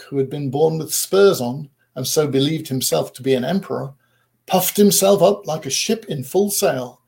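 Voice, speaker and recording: Sex: man. Role: storyteller. Style: storybook reading. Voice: gravelly, a bit high. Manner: measured, expressive.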